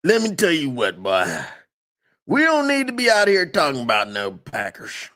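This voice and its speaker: A man's voice: fairly high pitch, huge pitch swings, normal speed, sharp tone, exaggerated voice. A man voicing a boastful, clueless grown football fan in a put-on American Southern drawl, brash and mangling the facts.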